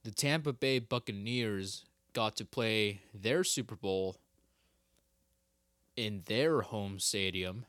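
A man's voice: fairly low pitch, slow, a bit bright, no echo, clean studio sound. A young man hosting a casual solo podcast, rambling and stopping himself mid-sentence, cursing freely. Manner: rambling, self-interrupting, swears a lot. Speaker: podcast host.

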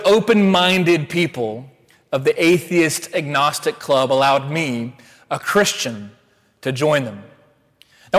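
A man with a bright, high voice preaches from the pulpit. He reads scripture in a measured way with emphatic rises, and his words ring out in a reverberant sanctuary. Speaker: pastor. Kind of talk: sermon. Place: church sanctuary.

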